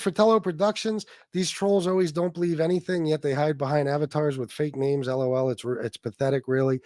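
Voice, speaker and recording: A man's voice: mid-range voice, darkish tone, no room sound, clean studio sound. A man hosting a casual livestream, profane and mocking, reading donations and trading jabs with viewers. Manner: profane, mocking, laid-back between rants. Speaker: livestream host.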